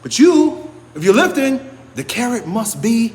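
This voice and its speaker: A man's voice: extremely high pitch, very animated, unhurried, big-room sound. A man coaching strength trainees in a casual motivational talk, blunt and emphatic, who swears freely and keeps checking in with "right?".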